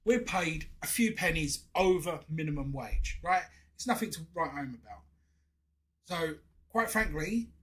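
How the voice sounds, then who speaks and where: An Englishman in his thirties, a game streamer, tells a story while gaming, chatty and indignant, restarting his sentences often. His voice sits on the high side with a fairly bright tone, and the recording is rough.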